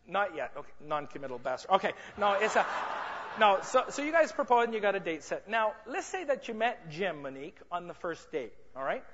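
A man's voice: high-pitched, sing-song, a little fast, fairly bright tone, slight background noise. A man speaking at a seminar, joking and bantering with members of the audience. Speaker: sales and marketing speaker. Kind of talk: motivational seminar talk to a live audience. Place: large conference room. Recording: muffled reverberant hall recording.

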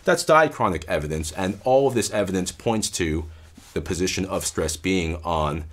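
A man lecturing on linguistics in a measured, explanatory way, stressing key terms as he goes. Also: sits low, animated. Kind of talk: academic lecture.

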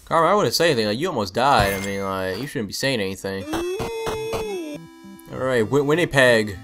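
A man's voice: mid-range voice, expressive, brisk, music in the background. A man casually commentating a video game playthrough, rambling and repeating himself, yelping when startled. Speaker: gameplay channel host. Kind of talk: casual let's-play commentary.

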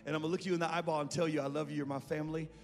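A man preaching an altar call to a congregation, fervent and rising to shouts, recorded live in a church. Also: a little high, level tone, rapid-fire. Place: large church sanctuary. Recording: live in a reverberant church with music.

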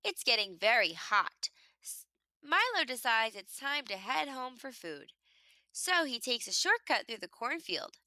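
A woman reading a children's picture book aloud in an expressive storytelling manner, making the animal sounds herself. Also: fairly high pitch, no room sound.

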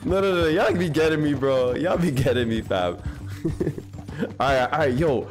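Excitable young man streaming. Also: on the high side, a little slow. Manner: excitable slangy banter with chat. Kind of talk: live game streaming commentary.

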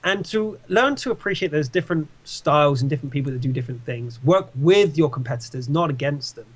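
A young man giving casual advice and telling stories in an interview, emphatic and repetitive. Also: fairly high pitch. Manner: animated, emphatic, repeats himself. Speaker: interviewee, game caster.

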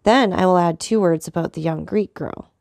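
A woman's voice: fairly low pitch, normal speed, creaky, a little mellow, no room sound. Formal young male journalist in a storybook, earnest and stiff, a woman reads him, dry close sound. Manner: formal, earnest, haughty at times.

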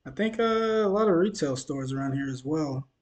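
A man's voice: fairly high pitch, animated, normal speed. Tired man rambling on a vlog. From Mississippi, USA. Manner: loose and rambling, stumbling over words. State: tired, dehydrated after the gym. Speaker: news vlogger. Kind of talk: casual commentary vlog.

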